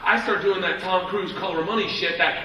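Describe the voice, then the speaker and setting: A middle-aged man telling a loud, excitable, profane stand-up story. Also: high voice, fairly quick. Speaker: stand-up comedian. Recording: echoey hall, mic far off, noisy.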